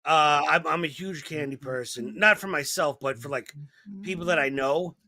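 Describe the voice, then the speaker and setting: Telling stories with flair and acting out voices, this man co-hosts a casual comedy podcast. He speaks at normal speed in a slightly high voice, with no room sound.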